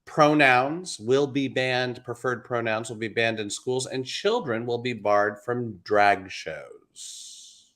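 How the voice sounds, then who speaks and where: A man's voice: medium pitch, slow pace. A man co-hosting a casual show, laughing a lot and sounding incredulous as he jokes. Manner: animated, laughs often, incredulous. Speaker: podcast co-host. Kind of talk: casual chat.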